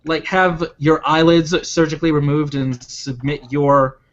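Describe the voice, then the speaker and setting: Male podcast host, teasing and casual, reading news, slightly high voice, lo-fi sound. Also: fairly even intonation, unhurried.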